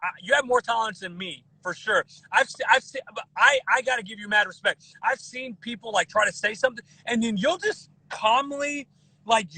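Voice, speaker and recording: A man in his thirties guesting on a podcast, talking in an animated way with lots of restarts and repeated words. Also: high voice, husky, no echo, low-quality recording. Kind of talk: casual podcast chat.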